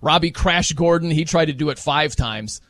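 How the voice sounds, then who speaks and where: A man hosting a casual sports talk show, chatting with animated energy and breaking into playful mock voices. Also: fairly high pitch, moderate pace. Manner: animated, mimics wrestling announcers for laughs.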